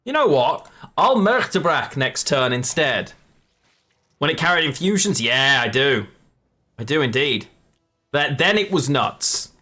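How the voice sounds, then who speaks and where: A man's voice: on the high side, sing-song, measured pace, sharp tone. A man live-streaming a card game, chatting with viewers and correcting himself as he plays. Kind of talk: live game commentary to chat.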